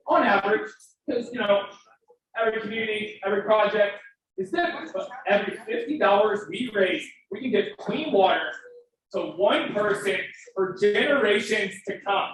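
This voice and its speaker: A man's voice: sits high, normal speed. Fervent man in an echoey hall. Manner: fervent, emphatic, breaks into emotion. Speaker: fundraiser speaker. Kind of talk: live fundraising appeal. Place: event hall. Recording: very echoey hall, distant, faint noise.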